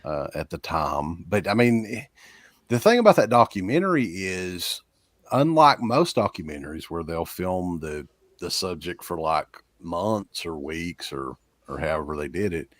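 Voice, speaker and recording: Low-voiced Kentucky man telling stories. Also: sing-song, a little slow, no room sound. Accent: Eastern Kentucky. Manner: rambling storyteller. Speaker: podcast guest. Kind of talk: casual interview chat.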